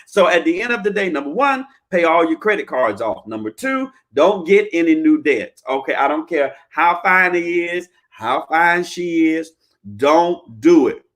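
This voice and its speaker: A man giving home-buying and credit advice in a folksy, preachy way, often checking in with "all right?" and sometimes breaking into loud chanting. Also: a little high, moderate pace, few pauses. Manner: animated, bursts into loud chanting. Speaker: credit repair advisor. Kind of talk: live-streamed advice talk.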